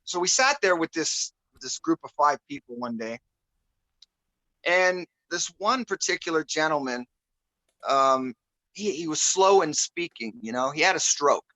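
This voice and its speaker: A guest musician, a man, tells a loose, rambling story on a video call, full of pauses, fillers and searching for words. His fairly high voice has lively intonation and sounds pushed and bright, with no echo but low recording quality.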